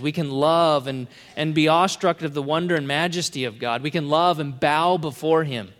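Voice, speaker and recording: In a large hall, a man preaches earnestly at medium pitch, repeating key phrases and letting his sentences trail off to soft endings.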